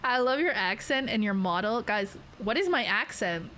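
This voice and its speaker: A woman's voice: mid-range voice, lively intonation, moderate pace, sharp tone, a little hiss or hum. A young Canadian woman with a Canadian accent, chatting casually and rambling with her stream viewers, giggling often.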